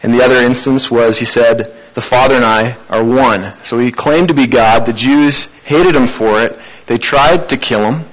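A man's voice: mid-range voice, normal speed, hardly any pauses, fairly bright tone, poor audio. A man preaching a sermon in a conversational, informal way. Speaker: pastor.

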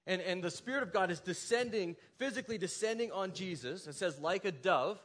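A man with a fairly high voice preaches a sermon from the pulpit. He talks in a conversational way and slips into dramatic voices when he quotes scripture. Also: expressive, a little fast, a bit bright. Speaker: pastor.

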